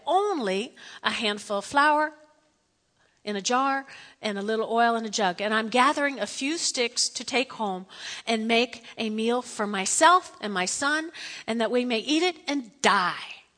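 Bright-voiced woman teaching Bible in a hall. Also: on the high side, lively intonation, unhurried. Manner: chatty and playful, with asides and laughs.

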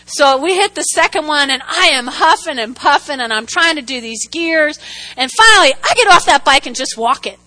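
A woman's voice: high voice, moderate pace, rough recording. A woman preaching a sermon, telling humorous personal stories and drawing the congregation into call-and-response. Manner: animated, humorous storytelling with audience call-and-response.

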